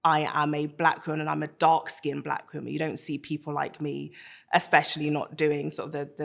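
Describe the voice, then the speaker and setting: A woman's voice: sits low, creaky. A woman barrister giving earnest, encouraging advice in a documentary interview.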